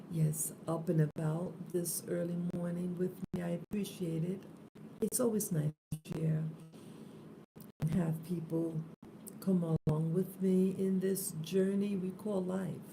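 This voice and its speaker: A just-woken woman talks slowly and softly on an early morning spiritual live stream, her low voice gravelly with fry. She holds a phone close in a room with the window open, and steady noise sits under the recording. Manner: slow, drowsy, soft-spoken. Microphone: phone held close.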